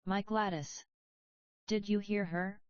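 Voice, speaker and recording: A woman reading the part of a feisty older grandmother, brusque and excitable. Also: mid-range voice, slow, clear, resonant tone, no room sound, close to an everyday voice. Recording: slightly dull, dry recording.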